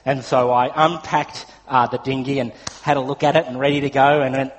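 A man's voice: mid-range voice, flat delivery, brisk. An Australian man preaching a sermon, telling a personal story in a chatty way with frequent fillers. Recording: long hall reverb.

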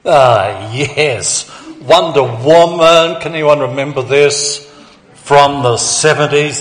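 A man's voice: medium pitch, fairly bright tone. A man preaching a sermon in a church auditorium, rousing and drawing in the congregation. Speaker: pastor.

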